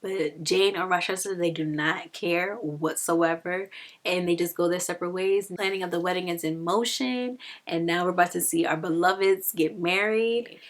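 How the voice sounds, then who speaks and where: A woman's voice: on the low side, steady tone, moderate pace. Chatty young woman retelling a novel. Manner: chatty, peppered with "like", acts out quotes. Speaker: book reviewer. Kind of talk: casual book review and plot retelling.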